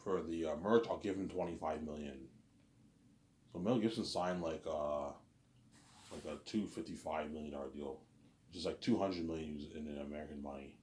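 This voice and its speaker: A man's voice: extremely low pitch, normal speed, darkish tone. A man rambling on in a casual monologue, repeating and restarting his phrases. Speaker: vlogger. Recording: echoey room.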